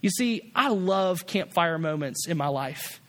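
A man's voice: a little high, lively intonation, a little slow, in a large hall. A man preaching a sermon as a pastor, earnest and repetitive, often restarting his phrases.

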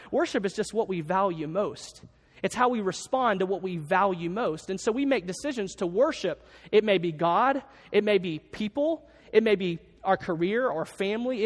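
In a large church sanctuary full of worshippers, a high-voiced pastor preaches in a relaxed, talkative manner. He states each main idea twice for note-taking, and his words carry with a long, trailing echo.

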